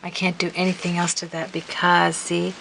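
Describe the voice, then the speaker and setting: A middle-aged woman chatting casually as she works on a crafting video, murmuring softly and then breaking into giggles and apologies. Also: on the low side, completely flat delivery, moderate pace, gravelly, background noise. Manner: soft murmuring while working, bursting into laughter and giggly apologies. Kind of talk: casual crafting tutorial chat. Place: home craft room. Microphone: camera mic.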